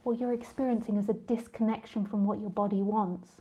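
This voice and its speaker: Mellow-voiced woman chatting loosely as a teacher. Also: mid-range voice, steady tone, a little fast, slightly rough, muffled recording. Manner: chatty, rambling, laughs easily, goes off on tangents. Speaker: spiritual teacher. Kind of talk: casual live talk answering listeners.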